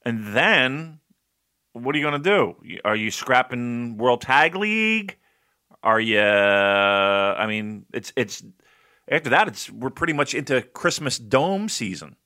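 Lively bright-voiced man, casual swearing. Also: mid-range voice, slow. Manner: loose, swearing, laughing often. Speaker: podcast host. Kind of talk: casual chat.

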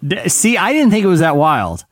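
A man's voice: high-pitched, wildly swooping pitch, normal speed, no echo, clean studio sound. A man co-hosting a podcast in casual chat, rambling and self-deprecating, laughing mid-sentence. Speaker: podcast co-host.

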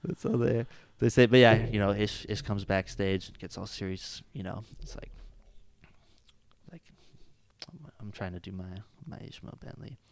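A man's voice: fairly low pitch, moderate pace, gravelly. A jiu-jitsu coach chatting casually in an interview, rambling and filling his sentences with "like" and "you know.". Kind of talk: casual chat.

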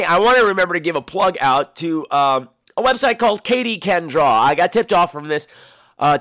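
On clean, echo-free studio sound, a man with a slightly high voice hosts a podcast. His casual monologue is full of animated, theatrical, campy storytelling and free-flowing profanity.

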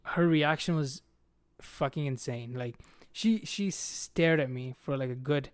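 A man's voice: a little high, measured pace, clear, resonant tone, no room sound. A young man hosting a podcast, telling a story in casual, profane slang and calling his friend "bro". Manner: profane, animated, says "bro" a lot. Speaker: podcast host.

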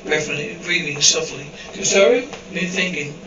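A man's voice: fairly high pitch, normal speed, echoey room, recorded from a distance, dull audio, background noise. A man reading an episode script aloud, voicing the dialogue and the sound cues in the same evenly paced voice. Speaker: script reader.

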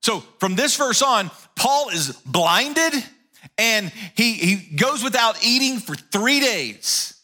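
Male pastor, sermon, lively pitch, bright storytelling delivery. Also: takes it slowly. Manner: animated storytelling.

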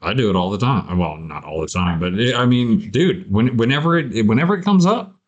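Male podcast host, lower voice, relaxed profane banter. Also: a little fast, highs cut off. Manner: laid-back, profane, says "man" and "you know". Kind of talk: casual chat.

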